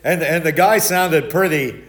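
An older man preaching a Bible study sermon, loud and animated, telling stories with many restarts. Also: a little high, measured pace. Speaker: pastor.

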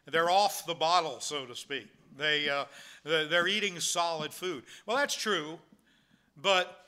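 A man's voice: a little high, pushed and bright. A man preaching a sermon in a conversational way, asking rhetorical questions and restarting his sentences. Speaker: pastor.

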